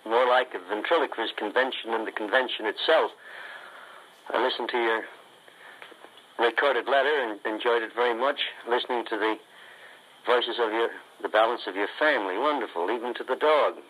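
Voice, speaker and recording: A man speaking calmly and courteously in a recorded letter. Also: medium pitch, moderate pace, a little hiss or hum, poor audio.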